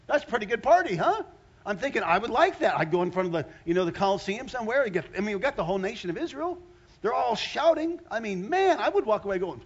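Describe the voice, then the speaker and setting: A man preaching a sermon as a pastor, animated, swinging between loud exclamations and hushed asides. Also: high-pitched, fast, slightly rough, highs cut off.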